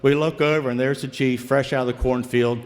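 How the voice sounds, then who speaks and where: Man, from Virginia, middle-pitched voice, folksy live storytelling, talks to the audience as folks, long hall reverb. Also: steady tone, fairly quick. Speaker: storyteller, former investigator. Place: live stage before an audience.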